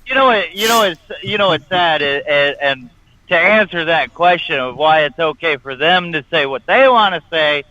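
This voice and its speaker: Bright, high-voiced man ranting bluntly. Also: animated, normal speed, lo-fi sound, a little hiss or hum. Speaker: morning radio show co-host. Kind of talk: casual radio banter.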